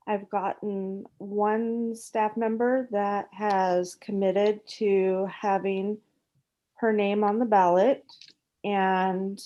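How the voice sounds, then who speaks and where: A woman's voice: medium pitch, darkish tone. A woman on a video call giving a meeting update, stringing her points together with "and" in casual talk.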